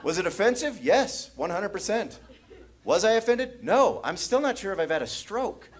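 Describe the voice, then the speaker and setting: Animated, manic stand-up comedian. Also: male voice, high-pitched, moderate pace. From US Midwest. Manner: manic, anxious storytelling. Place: comedy club stage.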